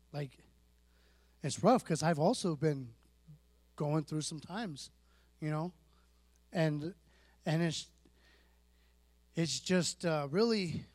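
A man, likely in his thirties, sharing a personal church testimony in a relaxed, self-deprecating way, with lots of fillers and restarts. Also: a little high, no room sound.

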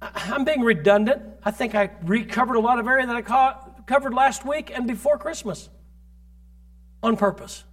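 A man preaching as a pastor, telling stories from his ministry with emphatic delivery that rises to loud peaks. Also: very high-pitched, normal speed. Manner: storytelling, recounting ministry experiences. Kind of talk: sermon.

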